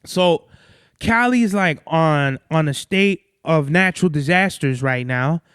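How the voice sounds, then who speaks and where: A young man with a high, smooth voice talks through a casual podcast monologue. He rambles, swears freely and loses his thread now and then. The sound is dry and close, with no room in it. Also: expressive, takes it slowly, fairly bright tone, no room sound. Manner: rambling, profane, loses his train of thought. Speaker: podcast host.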